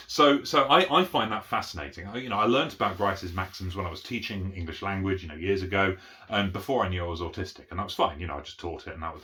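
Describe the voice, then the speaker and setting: A man's voice: low voice, bright, forceful tone. A middle-aged man giving an unscripted one-take talk about autism, explaining step by step and often checking understanding with "okay?". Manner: frequent restarts and fillers. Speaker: autism educator.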